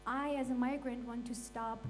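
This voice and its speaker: A woman's voice: on the high side, fairly even intonation, moderate pace, soft background music, rough recording. A woman speaking on a panel stage, emotional and impassioned, blunt about what she feels. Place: event stage. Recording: faint mains hum.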